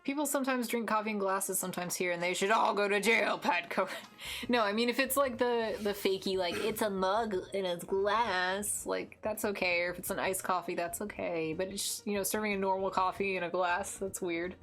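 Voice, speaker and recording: A young American woman chats on her art stream, rambling and restarting her sentences with plenty of fillers. Her pitch sits in the middle. Soft music plays faintly behind her. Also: normal speed. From United States. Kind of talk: casual chat while drawing on stream. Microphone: desk mic with headphones.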